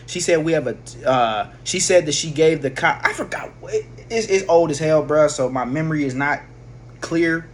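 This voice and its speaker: Man, slightly high voice, loose profane storytelling full of slang and false starts, faint hiss behind. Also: moderate pace. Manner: rambling, profane, with slang and restarts. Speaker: vlogger. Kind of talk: casual storytelling.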